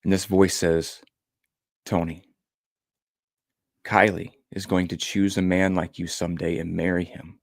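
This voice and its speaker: A middle-aged man with a fairly low voice tells a personal story as a motivational speaker. His delivery is earnest and emotional, leaning on repeated phrases. The sound is close and dry, with no room around it. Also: little pitch movement, measured pace, gravelly, pauses often, no echo.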